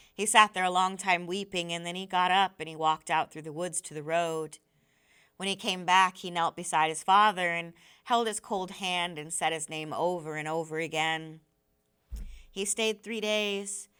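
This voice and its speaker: A woman teacher reading a novel aloud in a measured, even narration. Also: on the low side, clear, resonant tone.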